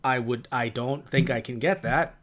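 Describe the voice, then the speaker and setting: A man's voice: medium pitch, moderate pace, crowd noise. A man co-hosting a podcast in casual chat, rambling through tangents with plenty of fillers. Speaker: podcast co-host.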